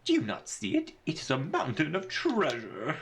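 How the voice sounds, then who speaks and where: Man doing a boastful pirate captain, high and swooping, grand and theatrical. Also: huge pitch swings, moderate pace, a bit bright, slight background noise, exaggerated voice. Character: pompous vain male pirate captain. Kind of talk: reading game dialogue aloud.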